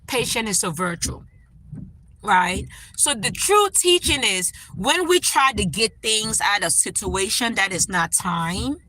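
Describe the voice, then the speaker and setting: A woman's voice: medium pitch, expressive, a little slow, bright, forceful tone, low-quality recording. A woman hosting a casual spiritual livestream, talking with feeling and often checking in with "right?". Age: adult parent. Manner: emotional, tearful at times, many "right?" asides. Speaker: livestream host.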